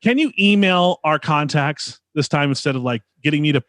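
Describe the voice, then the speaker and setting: A man's voice: fairly high pitch, expressive, a little fast, a bit bright, dry recording, studio quality. A man co-hosting a podcast in casual chat, teasing his co-host and rambling with lots of fillers.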